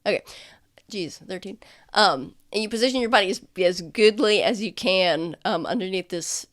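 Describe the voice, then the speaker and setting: A woman's voice: medium pitch, moderate pace, a bit bright. A woman narrating as game master in a casual way, with lots of fillers.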